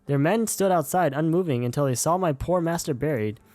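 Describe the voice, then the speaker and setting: Man reading a young male martial arts disciple in a game story, formal old-fashioned phrasing, slightly high voice. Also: a little fast, a little mellow, no room sound, lightly acted. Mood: grave.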